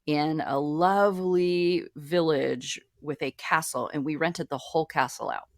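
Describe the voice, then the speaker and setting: A woman with a notably low voice, talking casually and telling stories. She rambles cheerfully and laughs often between her points. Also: unhurried, no room sound, studio quality. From California. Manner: chatty storyteller, laughs often. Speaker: show regular. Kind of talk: casual chat.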